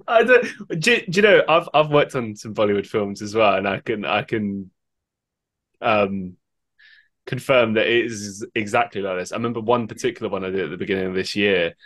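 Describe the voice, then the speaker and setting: A man's voice: fairly low pitch, fairly quick, fairly bright tone. A man hosting a podcast, asking questions in casual interview chat with an easygoing, amused manner. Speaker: podcast host.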